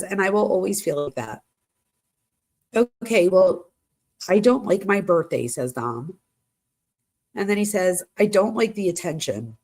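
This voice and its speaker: A woman's voice: fairly low pitch, darkish tone, breathy edge. A woman hosting a true crime channel, reading text messages aloud in a casual way, talking straight to her viewers and reacting as she goes. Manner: casual, addresses viewers directly, reacts to what she reads. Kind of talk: reading texts aloud with commentary.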